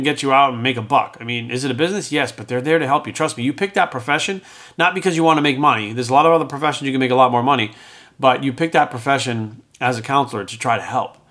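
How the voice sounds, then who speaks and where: Middle-aged guy rambling through a story, talks fast, does the voices of the people in it. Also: medium pitch, sharp tone. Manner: rambling and conversational, acts out quoted dialogue. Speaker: fitness coach and podcast host. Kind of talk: casual storytelling monologue.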